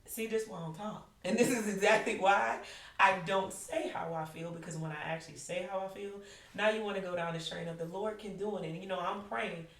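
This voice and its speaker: A woman's voice: medium pitch, fairly even intonation, fairly quick. A woman in her thirties, a podcast guest, telling her caregiving story frankly and emphatically, often restarting and repeating phrases. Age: 30s. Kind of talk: candid conversational storytelling. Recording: echoey room, distant mic.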